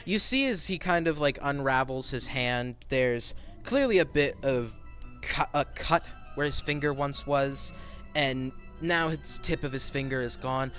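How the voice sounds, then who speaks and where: A man's voice: medium pitch, lively intonation, unhurried, a bit bright, faint music behind. A man narrating a tabletop game as game master in a loose, rambling way. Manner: loose, rambling, lots of fillers and restarts.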